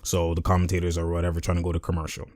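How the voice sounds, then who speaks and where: A man's voice: deep voice, completely flat delivery, darkish tone, no echo, clean studio sound. A man hosting his own channel, breaking down a game clip in loose, slangy casual talk and now and then acting out what the players say. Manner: loose and slangy, repeats filler phrases; acts out players' lines in quick put-on voices. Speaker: YouTube host. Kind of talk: casual sports commentary over a game clip.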